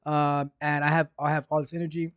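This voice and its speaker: A man hosting a casual livestream, chatty and energetic, rambling along and stumbling over repeated words. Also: a little high, brisk, clean tone, no echo, clean studio sound. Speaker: livestream host.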